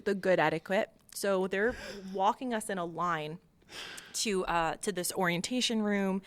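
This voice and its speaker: A woman from Long Island, a podcast guest, telling her story in a lively way, laughing often and acting out dialogue. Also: mid-range voice, no echo. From Long Island, United States. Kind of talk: casual storytelling interview.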